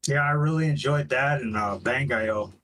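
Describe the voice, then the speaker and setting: A man chatting on a gaming livestream, halting and restarting his sentences often. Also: mid-range voice, fairly bright tone, low-quality recording. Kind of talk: casual gaming chat.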